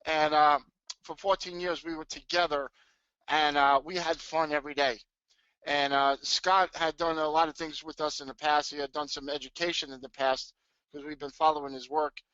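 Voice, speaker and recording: A middle-aged man hosting a live trading webinar from his home, talking in an excitable, hyped way full of restarts. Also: on the high side, moderate pace, clear, resonant tone, no echo. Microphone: webcam mic. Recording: dull lo-fi webcam audio.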